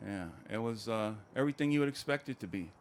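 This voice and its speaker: Deadpan man doing stand-up. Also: medium pitch, fast talker. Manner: conversational, deadpan storytelling with acted quotes. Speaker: stand-up comedian. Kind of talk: stand-up comedy set.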